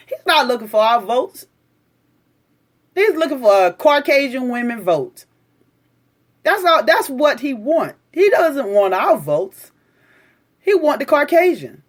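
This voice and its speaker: Woman ranting on her live stream, high-ish voice that swoops all over, slow and preachy. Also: sing-song. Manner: indignant, lecturing, talks back to commenters. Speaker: livestreamer reacting to news and viewer comments.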